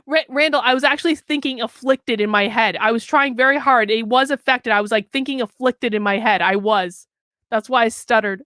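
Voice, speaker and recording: A woman's voice: fairly high pitch, fairly quick, a bit bright, no room sound, clean studio sound. A woman hosting a political commentary show, reading an article aloud with sarcastic, mocking asides and chatty anecdotes.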